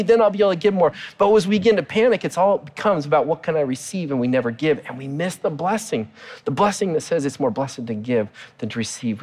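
A middle-aged man preaching a sermon as a pastor, earnest, with his voice rising and falling for emphasis. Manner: earnest, rises and drops in pitch for emphasis.

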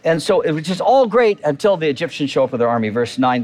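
Animated male preacher, chatty and lively. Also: fast talker, hardly any pauses. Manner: lively, conversational preaching with many fillers and restarts; acts out quoted voices with rising pitch. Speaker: pastor. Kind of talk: sermon.

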